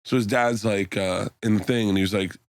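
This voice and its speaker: This middle-aged podcast guest, a comedian, has a lowish, steady voice and speaks a little fast as he tells a rambling story laced with profanity, acting out the others' lines. The recording is dry.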